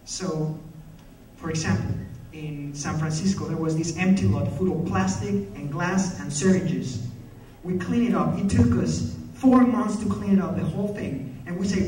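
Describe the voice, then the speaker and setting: A man with a high voice and a dark tone gives a passionate, story-driven talk at a conference, speaking at a moderate pace. The recording has a slight hiss or hum, picked up by a distant mic in an echoey hall.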